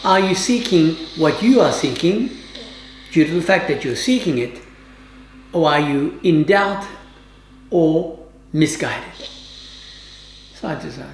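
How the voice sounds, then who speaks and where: A woman yoga teacher giving calm, measured instructions with formal, old-fashioned phrasing during a guided class. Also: low-pitched, a little hiss or hum. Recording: roomy, echoey room.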